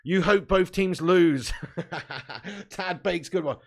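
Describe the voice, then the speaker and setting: A man from England hosting a live football watch-along, chatting with viewers, joking, swearing and laughing, with sudden loud outbursts. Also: high voice, slow pace. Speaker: football fan channel host.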